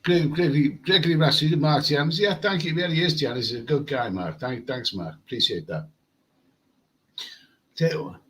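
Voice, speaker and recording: A man's voice: on the high side, lively intonation, normal speed, fairly bright tone, poor audio. A man chatting casually on a live stream from a hotel room, rambling and repeating words as he reads comments. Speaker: travel vlogger. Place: hotel room with air conditioning.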